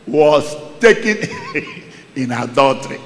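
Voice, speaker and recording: A male pastor preaching a sermon, calling out Bible verses for a reader to read and repeating them, with loud exclamations and quiet asides. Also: big pitch swings, takes it slowly, a little hiss or hum. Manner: dramatic, swings from loud exclamations to low asides. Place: church hall. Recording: echoey church hall.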